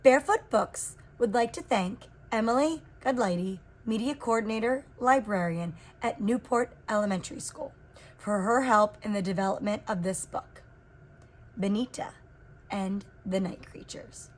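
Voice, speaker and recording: A woman reading a children's picture book aloud in an expressive, unhurried way. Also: mid-range voice. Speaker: reader. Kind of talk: storybook read-aloud.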